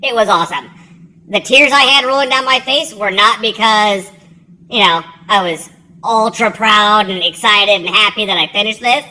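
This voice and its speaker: A woman's voice: mid-range voice, moderate pace, pushed and bright, low-quality recording. A woman telling a casual, rambling story about her own past, swearing freely and laughing at herself. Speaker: military veteran telling a story.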